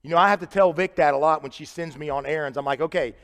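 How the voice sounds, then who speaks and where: Male preacher, Midwestern American accent, fairly high voice, echoing church hall, conversational sermon. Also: fast, clean tone. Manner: conversational, swings from loud emphatic to quiet and low. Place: church sanctuary. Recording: live church sanctuary with long reverb.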